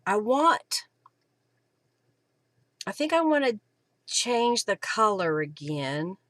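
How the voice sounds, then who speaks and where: A woman's voice: mid-range voice, very animated, takes it slowly, fairly bright tone, no echo. A woman hosting a live crafting demonstration at home, chatting and thinking aloud with fillers as she works. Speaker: craft host.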